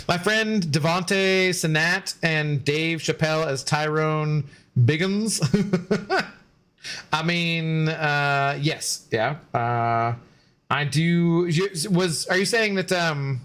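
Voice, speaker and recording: A man's voice: fairly high pitch, extremely slow, fairly bright tone, clean tone. A man chatting casually on a gaming live stream, rambling, joking and answering chat.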